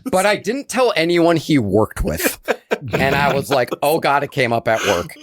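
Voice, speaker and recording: A man's voice: fairly high pitch, normal speed. A man, a podcast co-host telling a long funny story in casual chat and acting out the voices of the people in it. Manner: animated, acts out quoted voices, swears freely.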